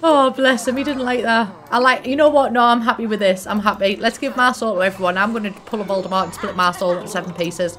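A young woman with a Teesside accent giving casual, excitable, sweary let's-play commentary and chatting to the characters on screen. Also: medium pitch. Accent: Teesside English. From Middlesbrough, England. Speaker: gaming YouTuber. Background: faint game music.

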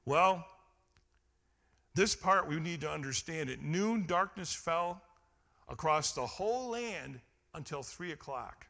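High, bright-voiced preaching man. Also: expressive, slow, creaky. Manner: preaching with swings between loud exclamations and quiet emphasis; calls out to the congregation for responses. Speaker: pastor. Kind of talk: sermon.

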